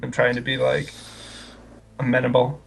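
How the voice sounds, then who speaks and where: Male player, gravelly, casual and rambling, tabletop session. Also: mid-range voice, monotone, normal speed. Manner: casual, rambling, with fillers and restarts. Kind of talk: casual tabletop role-play.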